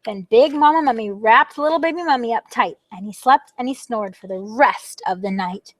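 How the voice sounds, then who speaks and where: A woman reading a picture book aloud to children at a library storytime, expressive and playful, with sound effects. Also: on the high side, moderate pace, no echo.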